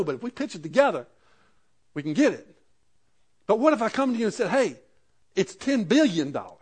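A man preaching a sermon in a conversational way, building to emphatic peaks. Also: high-pitched. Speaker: pastor.

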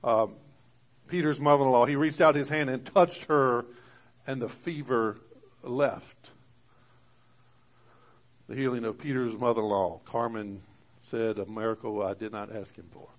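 Speaking a little slowly with fairly even intonation and frequent pauses, a male pastor addresses his congregation in a conversational sermon. His voice climbs louder and higher as he reads scripture aloud.

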